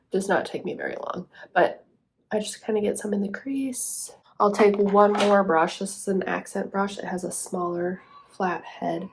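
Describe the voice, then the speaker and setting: A young woman vlogger chatting casually through her makeup routine, relaxed and chatty with lots of fillers. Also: fairly low pitch, gravelly, a little hiss or hum. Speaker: vlogger and teacher. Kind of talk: casual get-ready-with-me talk.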